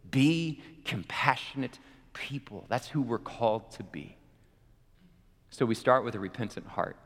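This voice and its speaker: A man preaching a sermon as pastor, emphatic and full of rhetorical questions, swinging between loud and soft. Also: on the low side. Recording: echoey hall reverb.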